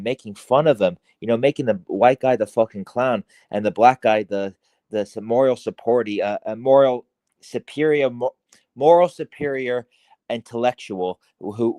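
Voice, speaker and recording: An Irish man with a medium-pitched, slightly mellow voice, recorded with no echo, talks as a guest on a podcast. His casual chat rambles, full of heavy swearing, fillers, and halting restarts.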